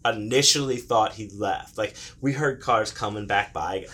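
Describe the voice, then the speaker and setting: Young guy spinning a story, swears a lot, does the voices, bright and a bit low. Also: measured pace, husky. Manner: loose, profane, acts out voices while telling. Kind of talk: casual storytelling chat.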